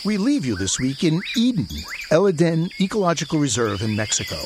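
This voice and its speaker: A man's voice: a little high, sing-song, brisk, background noise. A man hosting a public radio show, interviewing a guest and reading the show's closing segment. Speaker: radio host.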